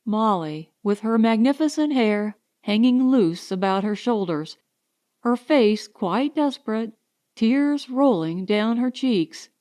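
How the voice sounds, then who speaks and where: A woman reads a story aloud at an unhurried pace. Her fairly high voice rises and falls expressively through every sentence. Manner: slow, expressive reading. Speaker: audiobook narrator. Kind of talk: scripted narration.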